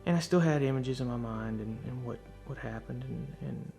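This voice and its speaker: A man's voice: mid-range voice, normal speed, gravelly, warm tone, soft background music. A man earnestly and candidly telling a personal faith testimony, reflecting on what happened to him. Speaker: speaker sharing a faith testimony.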